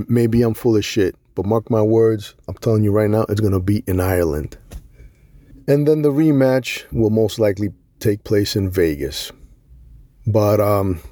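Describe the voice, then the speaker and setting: A man's voice: on the low side, mellow, dry recording. A middle-aged Puerto Rican man giving a blunt, profane, emphatic opinion monologue on boxing. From Puerto Rico. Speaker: boxing commentator.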